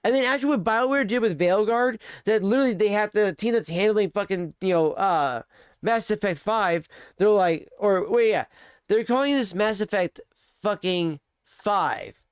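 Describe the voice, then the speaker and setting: A man's voice: high-pitched, normal speed, clean tone, no echo, clean studio sound. A man streaming live, ranting in casual, profane, rambling chat.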